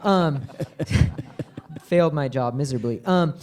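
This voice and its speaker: A cinematographer on a festival panel speaking casually and self-deprecatingly, with frequent ums. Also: male voice, fairly high pitch, slow, a little mellow.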